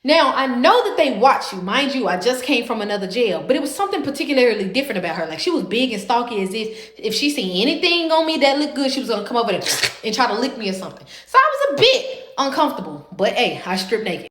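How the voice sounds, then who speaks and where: A woman, telling a story in a dramatic, profane, animated way. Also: on the high side, quick pace, roomy sound. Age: 20s. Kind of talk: casual storytime.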